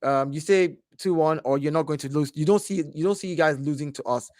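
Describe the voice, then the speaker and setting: A man making his case in a casual football debate, insistent and rapid. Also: fairly high pitch, darkish tone, no room sound, clean studio sound. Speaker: panelist.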